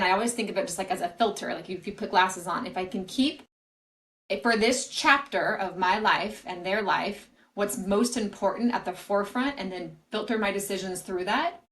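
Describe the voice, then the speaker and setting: A woman's voice: medium pitch, a bit bright, poor audio. A woman career coach, a podcast guest, explaining her advice earnestly and often restarting phrases. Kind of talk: podcast interview answers.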